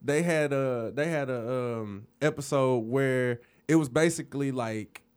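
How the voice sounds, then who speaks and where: A man's voice: mid-range voice, unhurried, darkish tone, clean tone. A man co-hosting a podcast, telling stories in casual chat and pressing rhetorical questions. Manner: emphatic storyteller, rhetorical questions. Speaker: podcast co-host.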